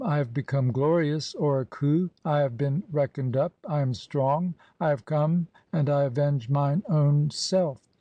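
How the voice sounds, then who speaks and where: A man giving a measured, solemn reading of an ancient religious text as an audiobook. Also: a little high, dry recording, highs cut off. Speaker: audiobook reader.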